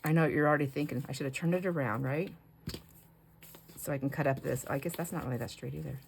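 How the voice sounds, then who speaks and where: A woman's voice: low-pitched, fast talker, creaky, slight background noise. A middle-aged woman hosting a craft video, chatting casually and telling a story as she works, laughing often and breaking off mid-sentence. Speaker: craft channel host. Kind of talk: casual chat while crafting.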